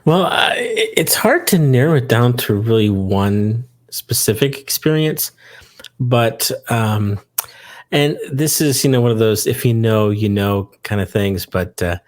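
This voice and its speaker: A man on a podcast telling a memory haltingly, with many "uh"s. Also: mid-range voice, expressive. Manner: hesitant, many "uh"s. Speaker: team member. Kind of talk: casual podcast chat.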